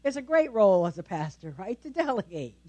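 A woman's voice: mid-range voice, very animated, fairly quick, warm tone. A woman pastor giving a conversational sermon, often checking in with the congregation with tag questions.

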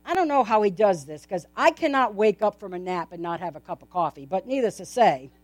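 A woman's voice: mid-range voice, sing-song, brisk, a little mellow, dry recording. Conversational woman preacher, dry sound. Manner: conversational, asks the congregation many rhetorical questions. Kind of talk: sermon. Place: in front of a gathered congregation.

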